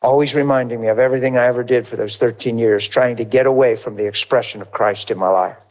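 A middle-aged man preaching, telling his testimony in a lively, conversational way and acting out dialogue. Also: medium pitch, fast. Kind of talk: testimony sermon, storytelling.

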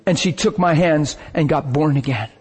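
A man delivers a sermon as a lively spoken story. His voice sits a little high and sounds husky. He tells the story with dramatic swings, now and then shouting or laughing. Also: moderate pace. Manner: animated, dramatic retelling with bursts of shouting and laughter. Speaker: preacher.

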